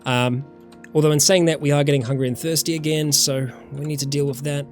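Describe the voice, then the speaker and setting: A man's voice: a little high, flat delivery, a little fast, faint music behind. A man from New Zealand with a New Zealand accent, casually commenting as he plays a survival game, thinking aloud and greeting viewers in chat. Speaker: let's-play host. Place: warm room at home.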